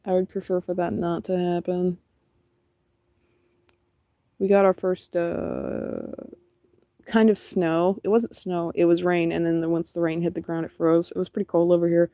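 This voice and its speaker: A woman's voice: lowish voice, little pitch movement, normal speed, pauses often, warm tone, no echo. A young woman chatting casually and rambling while painting on a stream, laughing often. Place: outdoors in cold wind.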